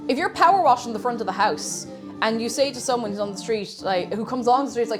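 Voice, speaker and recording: A woman's voice: fairly high pitch, animated, quick pace, over music. A woman chatting casually and giggling while cooking at home on a live stream. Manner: chatty and giggly, breaks into silly noises.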